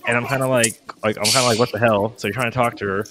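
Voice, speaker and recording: A loud crowd surrounds this man in his thirties as he rambles through a long story in casual podcast conversation. His medium-pitched voice keeps fairly even intonation, though he halts constantly with fillers and restarts and voices his past lines heatedly.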